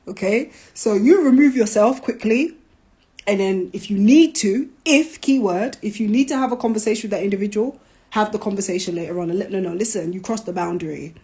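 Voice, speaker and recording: A woman hosting a live stream, talking casually, animated and preachy, with playful jabs. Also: mid-range voice, fairly quick. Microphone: phone.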